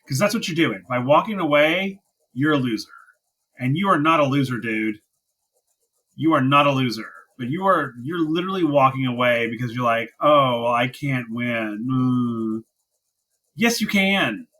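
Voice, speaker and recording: Casting note: male podcast co-host, husky edge, fired-up and emphatic. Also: mid-range voice, animated, moderate pace, sharp tone, poor audio. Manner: emphatic, impassioned ranting. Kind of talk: casual chat.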